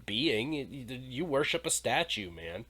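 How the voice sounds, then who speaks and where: A man's voice: mid-range voice, very animated, a little slow, pushed and bright, slightly rough, heavily acted. A man voicing a blunt, scoffing prophet who talks in casual slang, in nearly his own voice.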